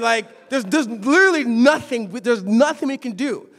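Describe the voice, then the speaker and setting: High-voiced young preacher from Los Angeles. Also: male voice, expressive, normal speed, hardly any pauses. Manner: storytelling, swings from quiet asides to shouted exhortation. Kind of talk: sermon. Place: church sanctuary.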